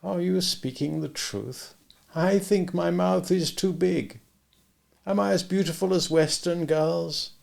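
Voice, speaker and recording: A man voicing a shy, teasing young Russian woman who speaks softly and slowly in an audiobook. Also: high-pitched, gravelly, voice pushed up, full character voice. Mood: coy.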